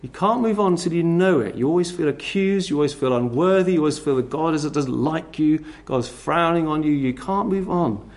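A man's voice: fairly high pitch, normal speed, few pauses, a little mellow. A middle-aged man preaching a sermon, earnestly pressing his listeners with repeated direct questions. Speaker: pastor.

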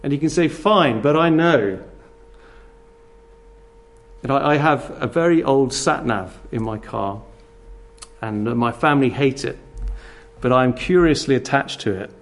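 A man preaching a sermon, earnest and animated, telling stories and asking rhetorical questions. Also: medium pitch, a little slow, long pauses.

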